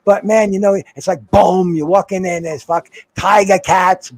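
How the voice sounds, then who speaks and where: A man with a high voice tells a meandering story, stumbling over words and swearing freely. The sound is close and dry, with almost no room behind it. He talks like a guest chatting on a call-in show. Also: steady tone, normal speed, no echo. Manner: rambling, heavy swearing, repeats words.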